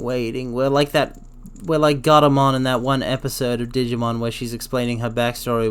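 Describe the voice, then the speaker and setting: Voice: medium pitch, flat delivery, a little fast, smooth. A game streamer chatting casually while playing, rambling playfully and dropping into silly sound effects.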